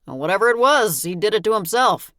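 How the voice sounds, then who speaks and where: A woman's voice: mid-range voice, big pitch swings, fairly quick, a bit bright, no room sound, voice pushed up. A firm, protective middle-aged father speaks in a matter-of-fact way, as a woman narrator voices him. It is an audiobook read on a close, dry mic.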